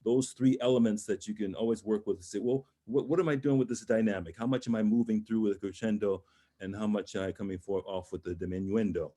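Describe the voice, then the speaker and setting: A man's voice: lowish voice, fairly even intonation, fast, warm tone. A man coaching a young singer over a video call, talking through phrasing with hesitant, encouraging remarks and sung sample words. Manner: encouraging, hesitant, sings and speaks sample words in French and German. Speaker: voice coach leading a master class. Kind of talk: online master class coaching.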